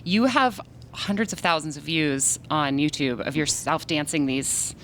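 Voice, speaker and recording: An American woman hosting a casual interview. Her voice sits a little low. She asks her questions in an eager, chatty way. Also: expressive, a little slow, slight background noise, low-quality recording. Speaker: interview host.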